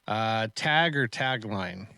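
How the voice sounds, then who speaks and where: A man's voice: fairly low pitch, animated, slow pace, bright, forceful tone, clear, resonant tone, dry recording. A man co-hosting a casual podcast, reading out terms and definitions and giving short affirming replies. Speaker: podcast co-host quizzing on terms.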